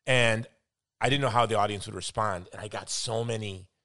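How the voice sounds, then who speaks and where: A man's voice: on the low side, steady tone, moderate pace, bright, forceful tone. A man hosting a podcast, speaking earnestly and reflectively in a casual conversation. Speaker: podcast host.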